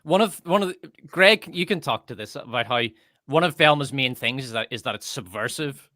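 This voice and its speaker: Male, sarcastic, mocking, worked up, livestream co-host, crisp bright voice. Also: medium pitch, animated, fairly quick, no echo, studio quality. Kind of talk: sarcastic casual chat.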